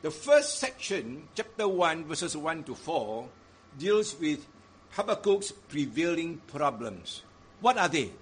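A man preaching a sermon in a deliberate, emphatic way, stressing repeated phrases. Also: a little high, very animated, a little hiss or hum.

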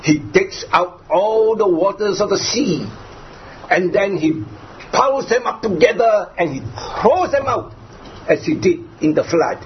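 A male preacher delivers a sermon in a fairly high voice, hammering each point through repetition and rhetorical questions. The recording is dull and lo-fi, with a faint hiss of background noise behind him. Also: animated, a little slow.

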